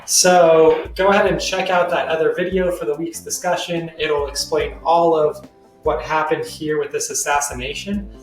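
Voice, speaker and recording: A man's voice: on the high side, steady tone, moderate pace, recorded from a distance, faint music behind. Laid-back young male teacher, roomy. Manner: laid-back, slangy, chatty. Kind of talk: casual recorded history lesson. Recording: roomy sound from away from the mic.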